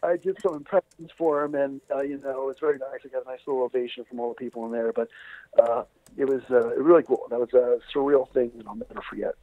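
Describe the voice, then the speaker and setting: A man's voice: medium pitch, fairly even intonation, fast. Rambling man on a tinny phone line. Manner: rambling storyteller with many fillers and restarts. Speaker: doctor and interview guest. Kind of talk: casual interview over the phone.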